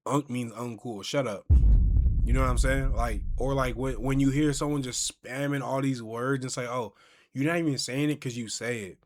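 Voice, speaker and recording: A man hosting a casual podcast chat, telling stories and acting out what people say. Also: mid-range voice. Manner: animated storyteller, acts out quotes. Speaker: podcast host.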